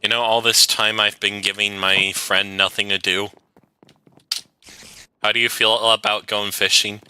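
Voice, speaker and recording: A man talking through a live game stream, his voice very bright and cutting, pitched a little low. He chats casually, answers viewer questions and reacts to what happens in the game. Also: little pitch movement, measured pace, smooth. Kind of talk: live gaming stream chat.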